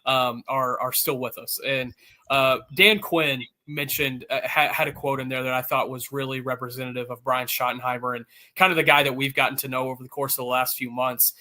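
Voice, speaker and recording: Bright-voiced energetic sports reporter man. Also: medium pitch. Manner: energetic, quick restarts and fillers. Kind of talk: casual sports talk.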